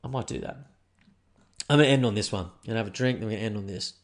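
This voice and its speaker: A man's voice: on the low side, rapid-fire. A man hosting a casual solo podcast, rambling and crude, with lots of swearing and self-deprecating asides. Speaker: podcast host.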